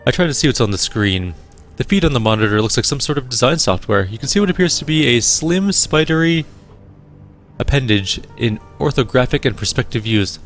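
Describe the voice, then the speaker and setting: A man hosting a video game playthrough, reading the narration aloud in a steady, descriptive way. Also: mid-range voice, a little fast, soft background music. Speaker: let's play host.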